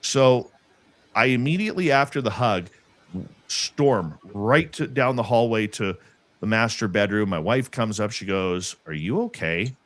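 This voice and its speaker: A man earnestly telling a personal story in casual conversation, halting and restarting as he goes. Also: on the low side, dry recording.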